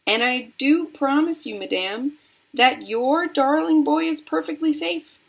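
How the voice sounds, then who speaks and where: A woman reading aloud voices an eccentric, brisk male chocolate factory owner who gives commands. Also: sits high, gravelly, voice pushed up. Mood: reassuring.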